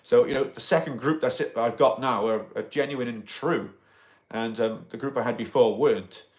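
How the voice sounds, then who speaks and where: A man's voice: medium pitch, normal speed. A man hosting a casual livestream, rambling with many fillers and greeting viewers by name. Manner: rambling, full of "you know" fillers. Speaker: livestream host.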